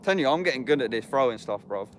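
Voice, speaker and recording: A man's voice: medium pitch, animated, fast, slight background noise. Slangy young man from England. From Epsom, England. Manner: slangy and sweary, keeps saying bruv. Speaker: YouTuber talking to viewers. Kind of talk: casual livestream chat.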